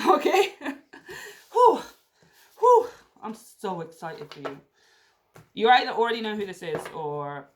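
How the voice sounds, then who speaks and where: Female tarot reader, excitable and chatty, bursts into squeals of delight, mid-pitched voice. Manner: excitable, gushing, chatty with sudden outbursts. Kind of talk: casual tarot reading to camera.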